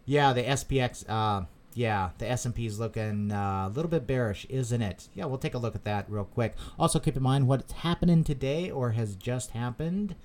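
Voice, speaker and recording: A man's voice: mid-range voice, moderate pace, few pauses, a little mellow. A man hosting a live stream, chatting casually and reading out viewer comments, rambling with many repeated words and fillers. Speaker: crypto channel host.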